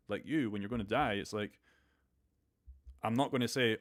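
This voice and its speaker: A man's voice: mid-range voice, animated, a little fast. A young man hosting a crypto live stream, talking bluntly and profanely in a motivational way. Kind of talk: casual live stream chat.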